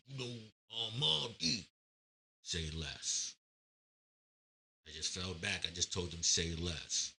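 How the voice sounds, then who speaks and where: Brief: man, low voice with a very bright edge, animated storyteller who acts out quotes. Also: slight background noise. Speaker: storyteller recounting prison stories. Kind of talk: casual storytelling.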